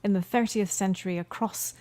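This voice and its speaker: Woman, mid pitch, podcast co-host, casual chat, dry quips. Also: fairly even intonation, brisk, mellow.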